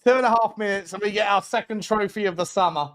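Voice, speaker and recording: A man hosting a football watch-along, reacting with animated, mocking banter. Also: sits high, fast talker. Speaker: host.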